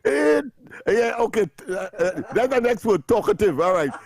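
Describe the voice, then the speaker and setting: A man's voice: sits high, lively intonation, normal speed, creaky, a little mellow. A man from Trinidad with a Trinidadian accent, co-hosting a radio call-in show in a playful, laughing way. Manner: playful, laughs a lot, talks over others. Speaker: radio co-host. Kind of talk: casual call-in banter.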